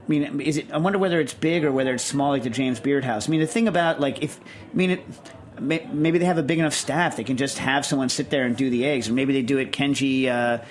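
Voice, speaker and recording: A man's voice: mid-range voice, fast. A man co-hosting a casual chat podcast, rambling and ranting with lots of fillers and self-deprecating asides. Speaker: podcast co-host.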